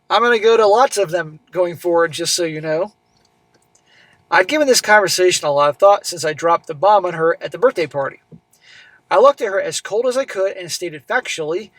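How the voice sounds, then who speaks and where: A man with a fairly high voice reads a listener's letter aloud and keeps cutting in with blunt, sarcastic remarks. The sound is close and dry, with almost no room around it. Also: brisk, fairly bright tone, no room sound, low-quality recording. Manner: blunt, sarcastic asides between read passages. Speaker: host reading and reacting to a viewer's letter. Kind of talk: reading a story aloud with commentary.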